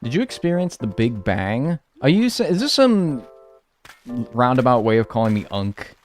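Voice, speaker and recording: A man from North America giving casual live commentary while playing a game, rambling and joking, with sudden loud yelps. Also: medium pitch, sing-song, normal speed, soft background music. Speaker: streamer playing a life-sim game.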